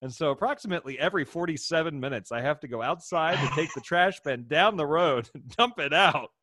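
A man's voice: a little high, animated, fairly quick, sharp tone, dry recording. A man hosting a podcast from home in casual chat, upbeat and joking, laughing often. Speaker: podcast host. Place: home, indoors.

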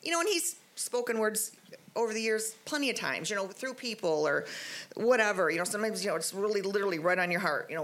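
A middle-aged woman giving a testimony at church, telling her story in an animated, rambling way with many fillers. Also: lowish voice. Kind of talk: spoken testimony.

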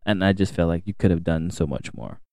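A man's voice: deep voice, lively intonation, a little fast, creaky, mellow, no echo, studio quality. A man co-hosting a podcast in casual chat, ranting animatedly and swearing freely. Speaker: podcast co-host. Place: home podcast setup.

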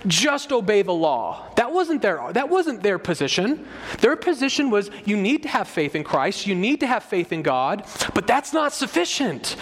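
A man's voice: high voice, fairly bright tone, long reverb tail. A man preaching an expository sermon, emphatic and repeating key phrases for stress. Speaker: pastor.

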